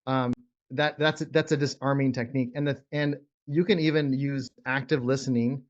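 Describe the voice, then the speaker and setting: A real estate trainer leading a call coaches investors in a casual, rambling way, repeating words and dropping to whispers to demonstrate. His voice is mid-range and steady at a normal speed, and the audio is dull.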